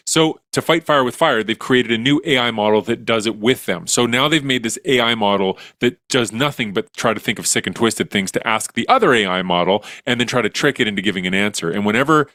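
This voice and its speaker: A man's voice: lowish voice, fairly bright tone, no room sound, studio quality. A man, a science educator, explaining ideas in an enthusiastic, jokey way. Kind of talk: casual chat.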